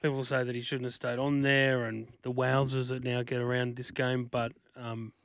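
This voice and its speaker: A man's voice: mid-range voice, little pitch movement, normal speed, creaky, fairly bright tone, smooth, dry recording. An Australian man on a sports podcast, trading dry jokes and firm opinions. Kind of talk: casual sports chat.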